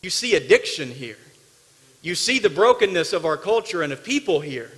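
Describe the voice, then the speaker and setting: Preacher guy, highish sharp voice, goes loud then hushed, big echoey church sound. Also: big pitch swings, normal speed. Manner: emphatic preacher, swinging between loud bursts and hushed asides. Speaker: pastor. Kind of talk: sermon. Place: church sanctuary.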